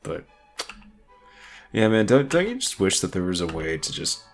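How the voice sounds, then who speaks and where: A man's voice: low-pitched, sing-song, normal speed, soft background music. A man co-hosting a casual gaming podcast, rambling and laughing, swearing freely. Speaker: podcast co-host.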